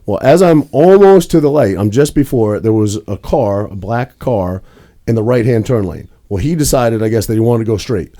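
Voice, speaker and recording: A man's voice: lowish voice, animated, normal speed, dark tone. A young man co-hosting a podcast, telling a rambling story in casual chat with plenty of swearing. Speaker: podcast co-host.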